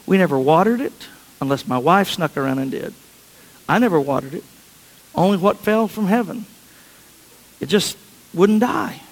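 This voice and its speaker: A man's voice: high-pitched, animated, normal speed, pauses often, in a large hall, rough recording. A man preaching a sermon, telling a family story in a chatty, anecdotal way with frequent restarts.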